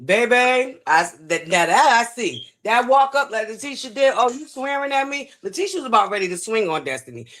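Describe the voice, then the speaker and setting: A woman's voice: on the high side, very animated, brisk, hardly any pauses, fairly bright tone. A woman co-hosting a casual review chat, emphatic and scolding, speaking in Southern slang. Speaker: co-host.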